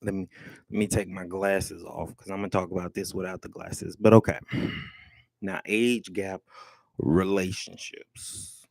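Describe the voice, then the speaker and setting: A man's voice: sits low, fairly even intonation, measured pace, gravelly, no room sound. A young man hosting his own live stream, talking loosely and joking with plenty of swearing. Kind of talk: casual livestream talk. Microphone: headphones with mic.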